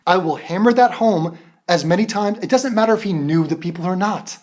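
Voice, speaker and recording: A man's voice: high-pitched, moderate pace. Profane, exasperated male commentator. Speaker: commentary channel host.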